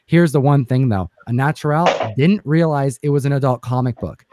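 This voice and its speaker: A man's voice: medium pitch, fairly quick, heavy background noise. A man hosting a casual comic book livestream chat, telling a long story with many fillers and restarts. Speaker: comic book channel host.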